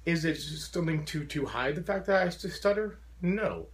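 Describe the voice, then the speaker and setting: A man with a fairly high voice speaks to a support group with a profound stutter, repeating sounds and getting stuck on words. He keeps pressing on in an earnest, encouraging way. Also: expressive, moderate pace. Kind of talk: motivational talk to a support group.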